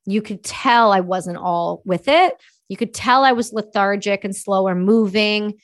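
A woman from Canada in her thirties, a podcast guest telling stories candidly and casually, swearing freely and talking quickly. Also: medium pitch. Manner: candid, profane, quick-talking, voices quoted people. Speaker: podcast guest, army veteran. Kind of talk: casual storytelling.

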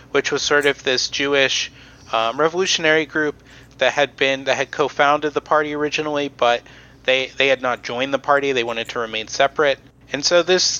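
A man co-hosting a casual history podcast, explaining in a halting way with many fillers and restarts. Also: a little high, pushed and bright, dull audio. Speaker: podcast co-host presenting history.

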